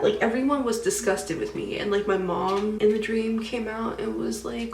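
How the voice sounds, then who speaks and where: A woman's voice: medium pitch, fairly even intonation, a little fast, few pauses, reverberant, far from the mic, a little hiss or hum, rough recording. A woman doing a casual get-ready-with-me chat while doing her makeup, talking freely and swearing as she reads out and retells dreams. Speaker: beauty vlogger.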